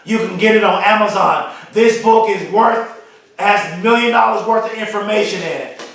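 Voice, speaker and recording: High-voiced man preaching motivation in a big echo. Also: creaky, a little hiss or hum. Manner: emphatic, repetitive, builds to shouts; drawn-out slow emphasis on key phrases. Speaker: motivational speaker. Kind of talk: motivational speech. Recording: very echoey, voice from far off.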